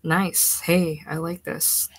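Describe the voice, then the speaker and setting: Young fiancé, slangy and self-satisfied, husky and low; woman reader doing him. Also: flat delivery, slow, no echo, heavily acted. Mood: easygoing. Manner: casual slangy talk. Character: young working-class man, beery, complacent fiancé.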